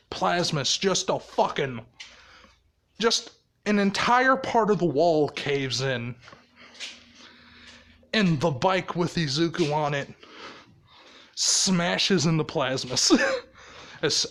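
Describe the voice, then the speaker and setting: A man's voice: fairly high pitch, a bit bright. A man telling a made-up story casually, rambling and swearing, often laughing at his own ideas.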